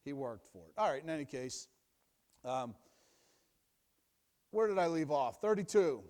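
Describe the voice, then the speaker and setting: A young adult man teaching from the Bible in a sermon, emphatic and repetitive, dropping low and quiet for asides. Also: animated, a little slow. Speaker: preacher.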